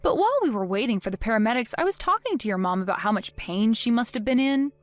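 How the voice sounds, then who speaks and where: A woman's voice: fairly high pitch, big pitch swings, fast, no echo, faint music behind. A woman voicing a cold, vengeful young wife. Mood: scheming. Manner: cold, taunting, mock-innocent. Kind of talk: dramatized story narration.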